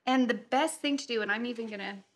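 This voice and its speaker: A woman leads a relaxed watercolor lesson from her home studio, chatting while she paints. Her voice sits a bit high and carries a noticeable gravelly fry. She drifts between instructions and easygoing banter. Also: fast talker. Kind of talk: casual painting tutorial chat.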